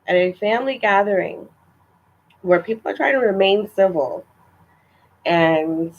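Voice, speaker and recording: A woman's voice: medium pitch, dull audio. A young woman telling a story in a casual vlog, chatty and exasperated, with lots of filler words. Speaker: vlogger.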